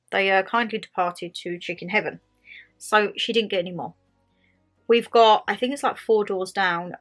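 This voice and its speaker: A woman hosting a casual chat video, ranting animatedly and acting out what people say. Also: mid-range voice. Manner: animated storyteller, acts out quotes, laughs often. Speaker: vlog host. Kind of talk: casual chatty rant. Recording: faint music underneath.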